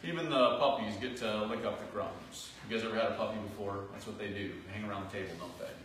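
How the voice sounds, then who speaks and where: Earnest man preaching in a very echoey hall. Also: fast talker. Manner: earnest, swinging between raised emphatic phrases and soft low asides. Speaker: pastor. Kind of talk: sermon. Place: church sanctuary. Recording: distant, very echoey church hall recording with faint noise.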